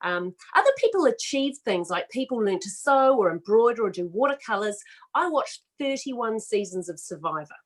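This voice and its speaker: A middle-aged woman from Australia doing a self-mocking, animated stand-up set over a video call. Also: a little high, moderate pace, poor audio. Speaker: comedian.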